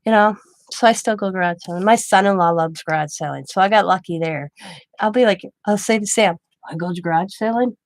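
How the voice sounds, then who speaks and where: A grandmother from a craft channel talks a little fast in a medium-pitched voice, rambling through a personal story and quoting people in her own voice. The recording has no room sound.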